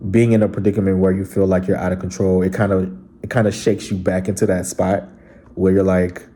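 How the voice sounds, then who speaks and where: In a low, mellow voice with a level tone and normal pace, a vlogger reads out viewer comments. His casual chat is earnest and heartfelt, aimed directly at the people watching.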